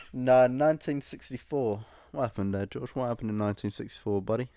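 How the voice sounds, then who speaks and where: A man's voice: medium pitch, normal speed, mellow, no room sound. Joking man hosting a podcast. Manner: playful, teasing, swears freely. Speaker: podcast host. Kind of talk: casual joking podcast chat.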